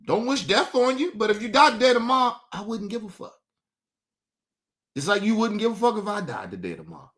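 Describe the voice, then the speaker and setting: A man rants into his streaming mic at a high pitch, talking straight to the viewers in his chat. His voice is bright and forceful, and his mocking, profane delivery stays combative throughout. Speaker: livestream host. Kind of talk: profane livestream rant to chat. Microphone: streaming setup mic.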